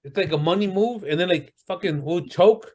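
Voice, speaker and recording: A man's voice: high voice, fairly quick, darkish tone. A man co-hosting a casual sports podcast, ranting heatedly and swearing often. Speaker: podcast co-host.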